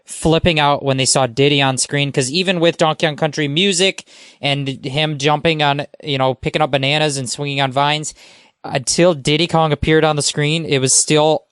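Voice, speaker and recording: A man's voice: on the high side, fairly even intonation, normal speed, fairly bright tone, smooth, dry recording, studio quality. A man who is a guest on a podcast, talking casually and with enthusiasm, rambling and using many fillers.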